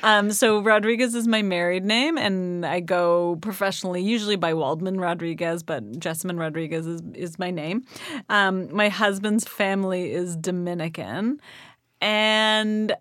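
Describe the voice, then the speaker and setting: A woman's voice: lowish voice, normal speed, fairly bright tone, dry recording, clean studio sound. A woman from Canada chatting as an interview guest, laughing easily and talking around her words with fillers. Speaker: guest, nonprofit kitchen leader. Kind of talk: casual interview chat.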